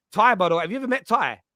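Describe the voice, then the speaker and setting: Animated laughing host. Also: male voice, sits high, fast talker, no echo. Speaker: podcast host. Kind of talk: casual chat.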